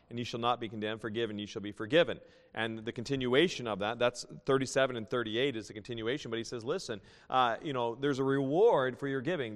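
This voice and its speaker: Male preacher, mid-pitched, folksy sermon delivery with a long hall echo. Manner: folksy, reads scripture aloud and tells jokes.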